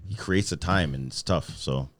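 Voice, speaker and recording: A man's voice: rumbling low, normal speed. A man co-hosting a podcast in casual sports chat, swearing freely and telling stories with animation. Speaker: podcast co-host.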